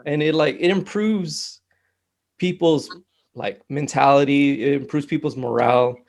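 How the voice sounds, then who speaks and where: A man speaking as a mental health technician guest in a relaxed interview, telling stories with lots of fillers. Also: a little high, measured pace. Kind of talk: casual conversational interview.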